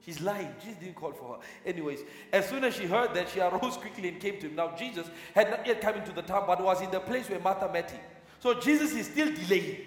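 A man's voice: high voice, expressive, quick pace. A man preaching a fervent sermon, repeating phrases and breaking into tongues. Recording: echoey hall with long reverb.

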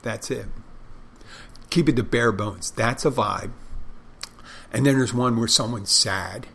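A man's voice: medium pitch, a bit bright, slight background noise. A man who works as a restaurant server and bartender, talking casually about how he deals with customers and acting out how he greets them. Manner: conversational, acts out his own greetings to customers. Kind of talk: casual storytelling monologue.

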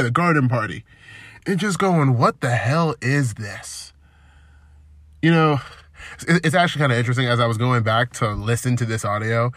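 A man's voice: mid-range voice, a bit bright, no room sound, studio quality. A man hosting a solo podcast, rambling loosely and self-deprecatingly, drifting from topic to topic. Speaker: podcast host.

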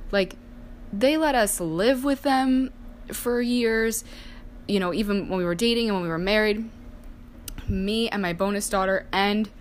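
A young woman with a mid-range voice casually shares personal stories, chatty and leaning heavily on "like" while acting out her family members' lines. A little hiss or hum sits under the recording.

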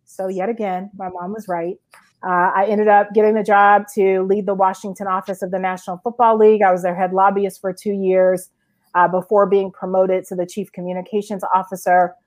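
A woman in her forties from Georgia, recounting her career as an interview guest in a lively storytelling way with frequent fillers. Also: mid-range voice, fairly quick. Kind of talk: conversational storytelling.

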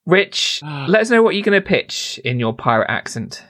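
A man's voice: fairly high pitch, sing-song, moderate pace, a bit bright. A man hosting a casual gaming podcast, upbeat and teasing, often giggling as he talks. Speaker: podcast host.

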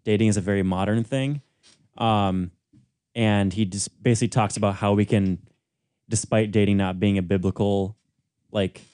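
A man's voice: fairly low pitch, a little mellow, dry recording, studio quality. A young man co-hosting a casual podcast, rambling with lots of fillers. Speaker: podcast co-host. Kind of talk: casual chat.

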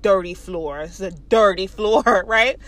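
A woman telling a story in a chatty, animated way, laughing as she goes. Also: mid-range voice, measured pace. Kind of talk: casual storytelling.

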